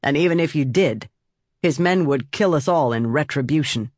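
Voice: mid-range voice, moderate pace, no room sound, clean studio sound, lightly acted. A narrator voicing a stern woman innkeeper who scolds sharply. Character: stern woman innkeeper guarding her home.

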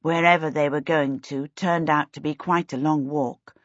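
A woman reads a storybook aloud in a steady, expressive way. Her voice is husky and breathy at mid pitch. The recording is dry and somewhat dull, with no room sound. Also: moderate pace, no room sound. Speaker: audiobook narrator. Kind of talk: scripted storybook narration.

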